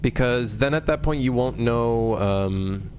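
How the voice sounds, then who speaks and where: A young man, a game developer on a livestream, talking loosely and haltingly with many fillers while reading viewer chat aloud. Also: medium pitch, darkish tone, a little hiss or hum.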